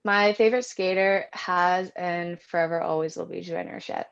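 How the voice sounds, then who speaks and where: A woman's voice: lowish voice, fairly even intonation, moderate pace, gravelly, smooth. A woman, chatting earnestly as an interview guest and telling her story in detail. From Canada. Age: early 20s. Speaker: guest athlete. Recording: dull lo-fi audio.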